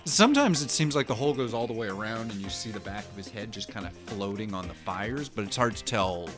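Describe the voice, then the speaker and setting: Swearing, rambling man with a low voice. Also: animated, quick pace, music in the background. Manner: rambling, heavy swearing, self-interrupting. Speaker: host. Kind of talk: casual comic-book monologue.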